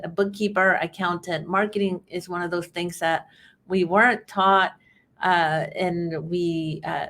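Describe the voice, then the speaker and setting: A woman's voice: on the low side, a bit bright. A woman from Texas hosting a live webinar, greeting viewers in a friendly, chatty way with frequent fillers. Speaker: webinar host.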